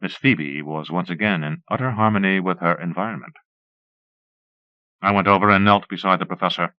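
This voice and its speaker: A man narrating an audiobook in a measured first-person storytelling manner, on a dull old cassette recording. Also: deep voice, dry recording.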